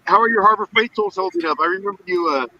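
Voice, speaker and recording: A man's voice: high voice, fast, pushed and bright, recorded from a distance, highs cut off. A man on a livestream, talking in a friendly way with many restarts while riding in a car as a passenger. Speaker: guest YouTuber on livestream. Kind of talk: casual livestream chat.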